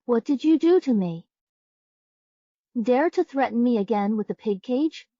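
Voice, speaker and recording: Casting: woman voicing a defiant young wife, cold and slow, dry dull sound. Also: a little high, lively intonation, mellow, no room sound. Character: sharp-tongued young wife, defiant and vengeful. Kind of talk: dubbed drama acting.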